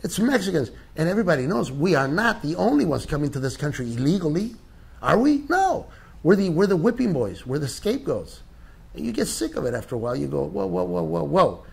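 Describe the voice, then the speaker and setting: Gravelly older man, impassioned and emphatic. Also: sing-song, fast talker, a little mellow. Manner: impassioned, emphatic, rising pitch on key points. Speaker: interviewee. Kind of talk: interview answers.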